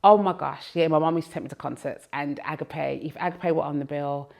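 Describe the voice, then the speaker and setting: A woman gospel singer reminiscing in an interview, talking in a lively, expressive way. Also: deep voice, a little fast, gravelly.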